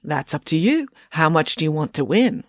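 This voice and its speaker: A woman voicing a sweet-sounding but bossy schoolgirl who gives brisk, cheerful orders. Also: sits low, very animated, no echo, clean studio sound. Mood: cheerfully bossy.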